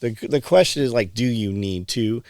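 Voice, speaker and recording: A man's voice: medium pitch, normal speed, a little mellow, dry recording, studio quality. A man co-hosting a casual chat, telling stories in a heated, profane way. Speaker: co-host.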